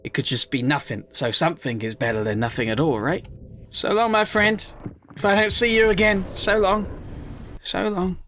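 A man giving chatty, emotional let's play commentary, often squealing up high in excitement. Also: moderate pace, slight background noise.

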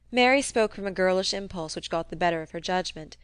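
Female audiobook narrator, measured literary reading, dry booth. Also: lowish voice, clean tone, dry recording. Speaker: audiobook reader. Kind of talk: scripted narration.

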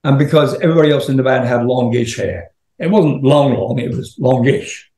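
A man's voice: mid-range voice, brisk, warm tone, reverberant. An older man, a rock singer as interview guest, telling long rambling stories with laughs and swearing. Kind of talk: casual storytelling.

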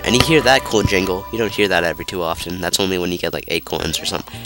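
His voice is low with fairly even intonation, and he talks fast. A young man stuffed up and nasal from a cold, he gives casual, rambling commentary while playing a video game, interrupting himself and filling space with fillers, as game music plays.

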